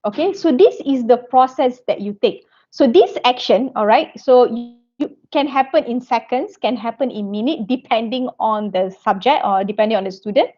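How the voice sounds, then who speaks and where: A woman's voice: fairly high pitch, moderate pace, warm tone. A woman giving an online lecture, checking in with "okay" and "all right" all the time and often restarting her sentences. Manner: non-native phrasing, frequent restarts. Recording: dull lo-fi audio.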